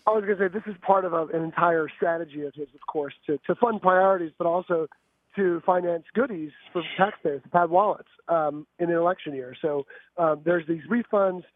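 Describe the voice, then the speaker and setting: A man with a raspier-than-usual voice reporting on politics for a radio talk show, brisk and informed. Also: on the high side, no room sound. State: raspy voice. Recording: tinny phone line.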